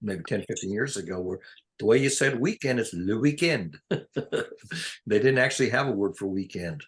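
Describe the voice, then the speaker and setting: A man's voice: lowish voice, moderate pace. An older man in a casual, rambling chat, drifting between topics and chuckling often. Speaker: conversation partner.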